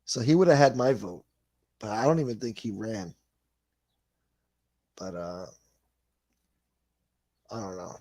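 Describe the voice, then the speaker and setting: A man's voice: on the low side, animated, measured pace, pauses often, darkish tone, no echo. A middle-aged man, hosting a livestream and reading chat comments in a blunt, profane, rambling way. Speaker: livestream host.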